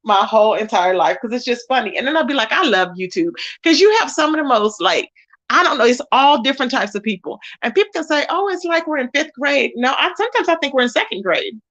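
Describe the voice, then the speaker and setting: A woman hosting a casual commentary livestream, chatting about online drama, greeting viewers by name in an animated way. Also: sits high, quick pace. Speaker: YouTube commentary host.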